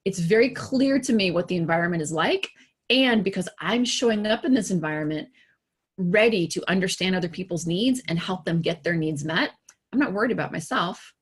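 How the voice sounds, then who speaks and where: A woman executive coach talks to the camera with brisk, motivational energy, her fairly low voice slightly breathy and husky. She keeps it animated and chatty, tossing out rhetorical questions and acting out quoted lines in livelier tones.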